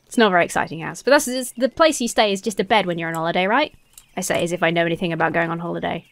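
A woman's voice: fairly low pitch, very fast, fairly bright tone, dry recording. A young British woman giving playful, sarcastic commentary while playing a children's game. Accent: British English. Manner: giggly, sarcastic asides. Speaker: let's-play host.

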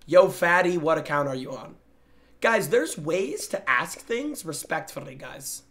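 A young man streaming live, loudly reacting to viewer gameplay clips, teasing and excitable, swinging between shouting and muttering. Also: on the high side, measured pace.

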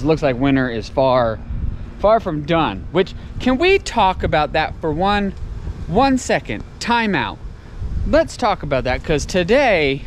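A man's voice: a little high, slight background noise. A man from Tennessee, vlogging casually outdoors in a farmyard while he does chores, ranting and sarcastic. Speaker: homestead vlogger. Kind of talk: casual vlog.

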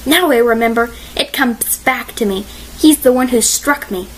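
A woman's voice: on the high side, normal speed, a little hiss or hum, close to an everyday voice. A woman reading a quarrelsome old caretaker. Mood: agitated. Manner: insistent, accusing. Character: agitated elderly male caretaker, quarrelsome.

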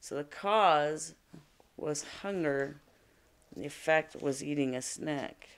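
A woman's voice: deep voice, slow pace, clear, resonant tone. A woman teaching a reading lesson to young children, patiently explaining ideas with simple examples.

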